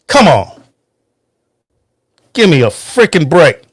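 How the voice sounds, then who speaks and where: A man's voice: high voice, huge pitch swings, slow, long pauses, a bit bright, no echo, studio quality. A man hosting a podcast, giving a heated, profane, emphatic political rant from home. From United States. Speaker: podcast host. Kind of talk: angry political monologue.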